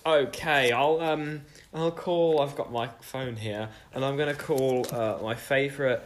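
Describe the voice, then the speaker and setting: A man's voice: medium pitch, unhurried, slight background noise. A man co-hosting a comedy podcast, hesitant and mock-earnest, filling his talk with ums as he plays along. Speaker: podcast co-host. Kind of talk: casual comedy banter.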